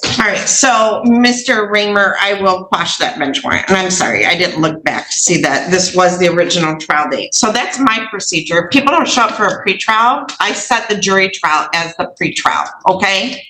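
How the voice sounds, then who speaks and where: Female judge on the bench, firm and stern, bright tone, echoey courtroom audio with faint noise. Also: mid-range voice, lively intonation, moderate pace. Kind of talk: courtroom proceedings.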